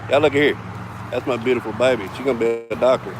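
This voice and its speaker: A man's voice: medium pitch, fairly even intonation, fast. Man vlogging from his car, profane storyteller, noisy outdoor phone audio. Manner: profane, rambling, quotes others with "I said, he said". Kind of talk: casual storytelling vlog. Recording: noisy phone recording near traffic.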